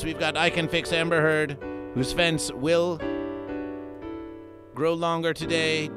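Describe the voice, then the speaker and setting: A man hosting an absurdist comedy livestream, chanting and repeating himself as he reads out chat. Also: fairly high pitch. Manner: chanting, repetitive, sing-song announcing. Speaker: livestream host. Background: music.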